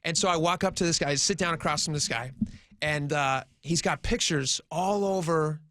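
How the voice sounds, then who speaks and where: A man's voice: fairly high pitch, moderate pace, sharp tone. A man in his forties hosting talk radio, telling a long anecdote casually with plenty of fillers. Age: 40s. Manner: rambling anecdotal storyteller, many fillers. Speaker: radio host. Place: radio studio.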